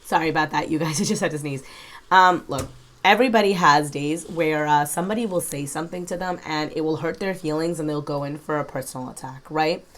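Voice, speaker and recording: A woman's voice: low voice, brisk, fairly bright tone. A woman giving reaction commentary in a blunt, frank way, swearing casually as she talks. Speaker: commentary YouTuber.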